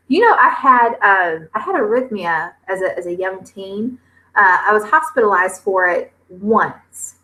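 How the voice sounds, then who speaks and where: A chatty woman, reading viewer comments on a casual livestream. Her voice is bright and forward, and she fills her talk with ums and pauses. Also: mid-range voice, rough recording. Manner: chatty, with many fillers and drawn-out pauses. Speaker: homestead vlogger hosting a livestream.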